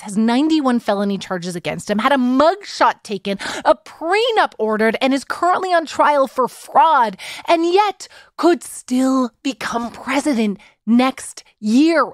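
Animated woman hosting a comedy podcast. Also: sits high, dry recording, clean studio sound. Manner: animated, playful, quick asides. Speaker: podcast host.

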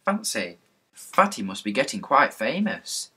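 A man's voice: mid-range voice, big pitch swings, measured pace, sharp tone, slightly rough, heavily acted. A man voicing a tearful, eager young schoolgirl in a children's storybook reading. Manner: wailing, pleading.

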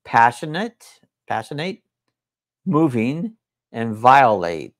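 Guy hosting a live chat, playful sing-song talk, pitch bounces all over. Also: sing-song, slow, no room sound, studio quality. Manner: chatty, playful, sing-song repeating of words. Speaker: co-host of a live chat stream. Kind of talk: casual chat.

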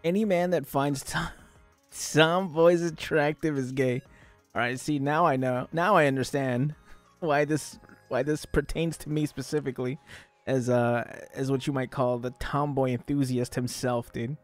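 A young man streaming reactions, talking in an excitable, rambling way and laughing between thoughts. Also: mid-range voice, measured pace, soft background music. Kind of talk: casual reaction commentary.

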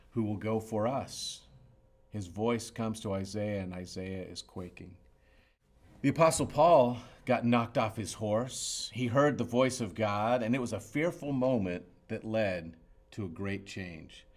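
A male pastor preaching a sermon, moving from loud emphasis to hushed, quiet passages. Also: fairly low pitch, a little slow. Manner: expressive preaching, swinging between loud emphasis and hushed asides.

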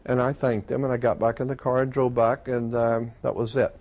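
A man telling a personal story in a casual, conversational way, pausing often with "uh" and "um". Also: mid-range voice, little pitch movement, a little mellow. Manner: conversational, with frequent "uh" and "um" pauses. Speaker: storyteller recounting a personal experience.

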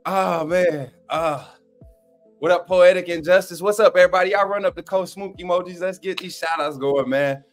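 A man's voice: high voice, moderate pace, soft background music. A man hosting a sports fan live stream in loose, slangy casual chat, often cracking up with laughter.

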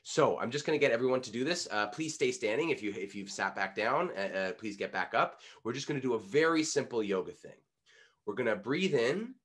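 A man in his thirties from Canada, coaching public speaking in an online workshop in an energetic, coaxing way, leading the listeners through exercises. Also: mid-range voice, brisk, slightly rough. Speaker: pitch coach.

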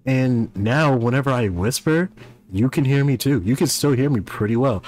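Playing a horror game, a man offers casual let's-play commentary into a desk microphone at his gaming setup. His voice is medium-pitched and darkish at a moderate pace, chatty and self-deprecating with rambling asides.

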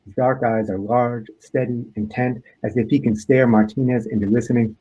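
A man, an author, reading aloud from his own book in a measured, deliberate way. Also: mid-range voice, steady tone, mellow, husky, dull audio.

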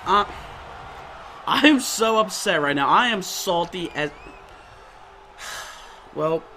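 A man commentating his own fighting-game match, excitable, yelping, laughing and swearing as he plays. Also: high voice, slow pace. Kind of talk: excited let's-play commentary. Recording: noisy background.

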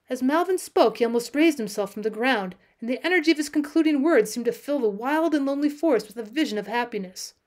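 A woman teacher narrates a classic story as an audiobook, steady and measured. Her voice is high and light. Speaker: teacher reading aloud.

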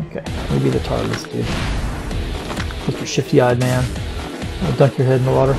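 Gravelly man muttering over gameplay. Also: mid-range voice, flat delivery, brisk, pauses often, loud music behind the voice. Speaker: let's-play host. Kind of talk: casual gameplay commentary.

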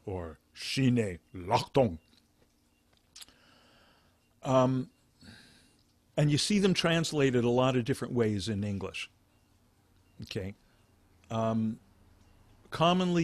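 Halting man teaching meditation, dry sound. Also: medium pitch, no room sound. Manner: halting, restarts phrases, explains with plain examples. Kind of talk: dharma talk.

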